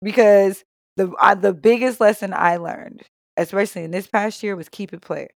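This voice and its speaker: A young woman co-hosting a podcast tells a story in casual chat, animated and profane, acting out quotes and laughing a lot. Her mid-range voice has vocal fry and a moderate pace, recorded dry with clean studio sound.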